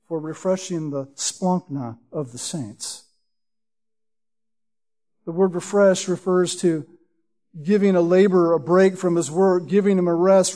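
A man with a notably high voice teaches through a Bible passage verse by verse. He explains word meanings patiently and leans on the scripture quotes for emphasis. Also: unhurried, pauses often, warm tone. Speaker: preacher.

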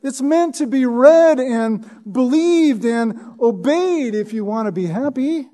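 A man's voice: very high voice, expressive, takes it slowly, mellow. A man preaching a sermon in an emphatic way, reading scripture and often asking "right?". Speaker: pastor.

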